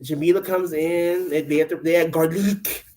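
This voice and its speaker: A woman co-hosting a casual recap podcast, telling the story in a lively, animated way and acting out what the cast said. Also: sits low, normal speed, slight background noise, low-quality recording. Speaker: podcast co-host.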